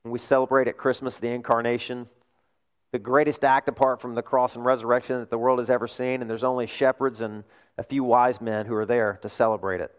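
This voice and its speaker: A male pastor preaching a sermon, telling a story in an animated way and asking rhetorical questions. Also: medium pitch, a little fast, clear, resonant tone.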